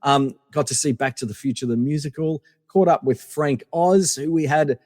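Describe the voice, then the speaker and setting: Man rambling through a story on a podcast, voice a bit high, dry close mic but with a long reverb tail. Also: normal speed, darkish tone. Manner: rambling, many fillers and restarts. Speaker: podcast guest. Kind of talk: casual anecdotal storytelling.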